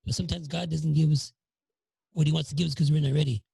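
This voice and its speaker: Male podcast host, gravelly and husky, dark tone, dry close sound, preachy and encouraging. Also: on the high side, fairly even intonation, quick pace, no echo, poor audio. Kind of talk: casual faith talk.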